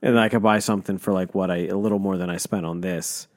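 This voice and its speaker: A young man with a somewhat low voice chats on a podcast. He is blunt, swears freely and often talks over the other speaker. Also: steady tone, fast talker. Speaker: podcast co-host. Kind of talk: casual chat.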